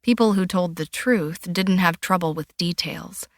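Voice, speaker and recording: Woman, audiobook narrator, low voice, even measured reading, dry studio sound. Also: no room sound. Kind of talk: scripted thriller narration.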